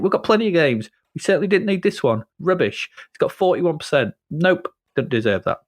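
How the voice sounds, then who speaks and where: A man's voice: fairly high pitch, sing-song, a little fast, hardly any pauses, no echo. Dryly dismissive man. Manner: dry, dismissive criticism. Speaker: podcast host. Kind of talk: casual retro game review chat.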